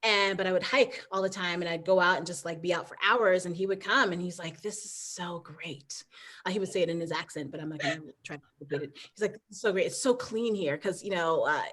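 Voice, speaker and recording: A woman's voice: on the low side, fast talker, hardly any pauses, a bit bright. Chatty woman guest full of restarts. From United States. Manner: rambling with many restarts and fillers, laughs easily. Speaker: guest, trail runner and author. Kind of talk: casual conversational interview.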